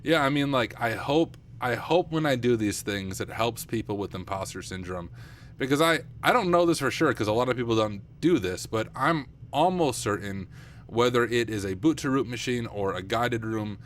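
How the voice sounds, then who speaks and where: A young man streaming live at night and thinking aloud as he works, chatty and self-deprecating with viewers, his voice getting rough. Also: medium pitch, lively intonation, normal speed, a bit bright, slight background noise. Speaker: streamer, penetration tester. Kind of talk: casual live-stream talk while working. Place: home computer room at night.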